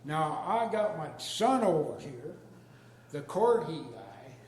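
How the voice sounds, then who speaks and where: An older man telling a comic story on stage in a folksy, deadpan drawl. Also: a little high, takes it slowly, a little hiss or hum. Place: arts venue stage with a live audience. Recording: echoey hall with long reverb.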